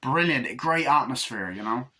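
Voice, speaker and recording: A man giving a casual, rambling movie review, swearing often and acting out scenes in quick put-on voices. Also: mid-range voice. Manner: excited, rambling, swears a lot, acts out scenes.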